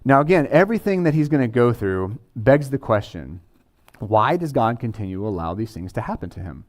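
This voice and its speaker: Man, pastor, casual conversational sermon, middle pitch. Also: sing-song, a little fast.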